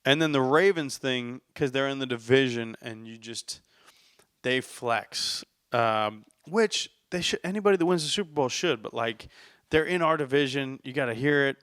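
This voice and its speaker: A man's voice: mid-range voice, normal speed, fairly bright tone, clean tone, no echo. Male solo podcaster, profane and heated, resonant voice, dry close mic. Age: adult, says he is older now. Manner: profane, worked-up sports venting. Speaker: podcast host. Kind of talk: casual solo podcast rant.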